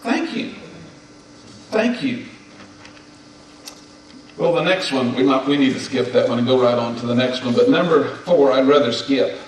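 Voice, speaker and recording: A man's voice: mid-range voice, a little fast, hardly any pauses, a little hiss or hum. A man in his fifties giving a folksy, emphatic sermon on marriage to a gathering of men, leading them in repeating words back to him. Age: 50s. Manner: folksy, emphatic, leads the audience in call-and-response. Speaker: speaker at a men's gathering. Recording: echoey hall, distant mic.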